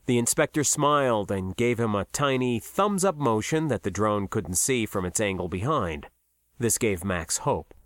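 A man narrating a science fiction story in a measured, expressive way. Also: on the low side, dry recording, studio quality. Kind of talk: audiobook narration.

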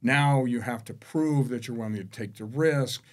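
A man, a real estate executive, telling anecdotes as a podcast guest, shifting between hushed and emphatic delivery. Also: medium pitch, normal speed. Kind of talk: conversational storytelling.

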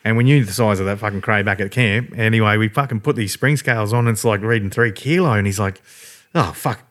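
A man's voice: on the low side, fast, fairly bright tone. A man with an Australian accent telling rambling stories in a casual podcast chat, swearing constantly.

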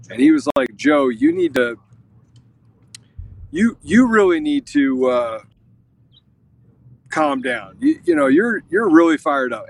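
A man's voice: mid-range voice, creaky. A man on a live stream, speaking outdoors at a state capitol. He is fired up and emphatic, and his sentences run on with restarts. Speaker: on-location guest reporting in. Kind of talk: casual live-stream chat.

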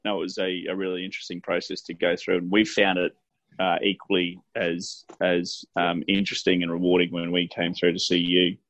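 A man's voice: sits low, completely flat delivery, brisk, a bit bright, no room sound. A man who hosts a podcast as a financial advisor, chatting casually with dry self-mocking humour. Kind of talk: casual chat. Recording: dull, dry lo-fi recording.

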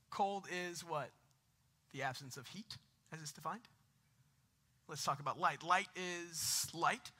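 A man's voice: fairly high pitch, bright, forceful tone, slightly rough. A man, preaching a conversational sermon with jokes and rising emphasis. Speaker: pastor.

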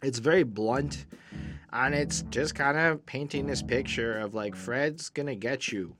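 A man's voice: mid-range voice, a little slow. Profane, filler-heavy man reviewing music. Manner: loose, profane, full of "like" fillers. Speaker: music review podcast host. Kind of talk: casual album review chat.

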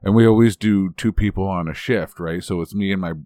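A man's voice: low voice, fairly quick, dark tone, dry recording, clean studio sound. A Canadian man co-hosting a podcast, telling a rambling, self-mocking story in casual chat and laughing as he goes. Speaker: podcast co-host.

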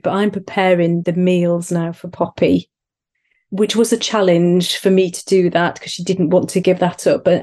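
A woman's voice: on the low side, warm tone. A middle-aged woman from Wales, a podcast guest telling earnest, self-deprecating stories about her family. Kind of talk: podcast interview, personal story.

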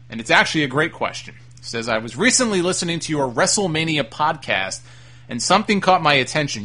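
A man's voice: on the high side, pushed and bright. A man hosting a solo podcast, recapping and reading listener mail in a frank, opinionated way with casual swearing. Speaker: wrestling podcast host.

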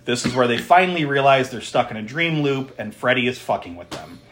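Man, podcast co-host, casual plot recap, lively pitch, laughs a lot, swears. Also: a little fast, a little hiss or hum. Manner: laughs often, swears, animated retelling. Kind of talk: casual chat, retelling a horror movie plot.

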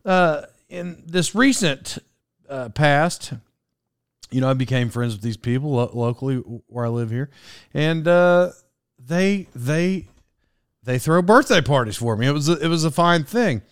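Man in his forties, smooth resonant voice, casual rambling storyteller, dry room. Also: a little high, expressive, a little slow, no echo. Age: 40s. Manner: rambling, self-interrupting, laughs at himself. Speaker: podcast host.

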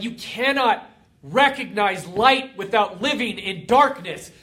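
A man's voice: very high-pitched, pushed and bright. A young man giving a motivational pep talk to his community as its host, fervent and emotional, hammering home repeated refrains.

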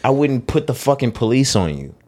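A man's voice: mid-range voice, fairly quick, a little hiss or hum. A man co-hosting a podcast in casual chat, joking and swearing as he talks. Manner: profane, joking, animated. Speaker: podcast co-host.

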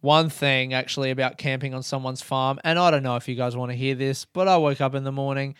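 A man's voice: mid-range voice, fairly even intonation, quick pace, a bit bright, clear, resonant tone, no room sound, clean studio sound. A young man, a comedian, telling rambling, laugh-filled stories on his podcast and swearing freely. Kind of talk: casual storytelling podcast.

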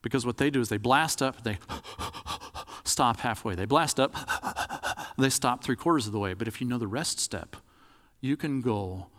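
A man's voice: medium pitch, fairly bright tone, big-room sound. A man preaching a sermon in a conversational, demonstrative way, acting out examples as he talks.

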